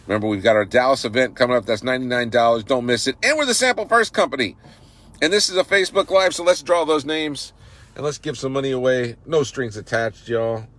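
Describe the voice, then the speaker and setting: A man hosts a live broadcast from a park, pushing his pitch with eager, salesy energy. His voice sits at an everyday middle pitch as he talks into a phone, rallying viewers like a company chief. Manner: fired-up, salesy pep talk. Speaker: company CEO. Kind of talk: live social-media broadcast. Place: outdoors in a park.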